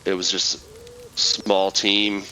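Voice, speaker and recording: A man's voice: sits low, completely flat delivery, slow pace, bright, forceful tone, a little hiss or hum, poor audio. A middle-aged man, a military veteran and podcast guest, telling a war story in casual talk that is heavy with swearing and rambles with many restarts.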